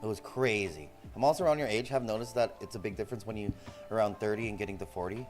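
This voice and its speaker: A man's voice: lowish voice, quick pace, soft background music. A man in his forties telling stories in loose, profane casual chat, often tossing in "bro". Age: 40s. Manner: loose, profane, animated, says "bro" a lot. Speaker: streamer.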